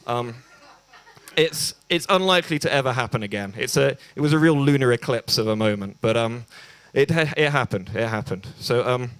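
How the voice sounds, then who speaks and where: A man's voice: mid-range voice, normal speed, fairly bright tone, no room sound. Young english guy doing standup at an open mic, awkward self-deprecating, lots of ums, dry close sound. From England. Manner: hesitant and self-deprecating, many ums and restarts. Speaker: stand-up comedian. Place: small bar venue.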